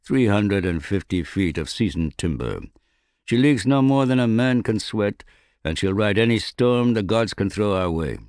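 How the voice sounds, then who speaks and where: A man voicing a stern, gruff middle-aged ship captain who speaks curtly and bluntly in an audiobook. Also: lowish voice, lively intonation, moderate pace, darkish tone, no echo, studio quality, pitched above the performer's own voice, close to an everyday voice. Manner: curt, blunt, speaks of his ship proudly.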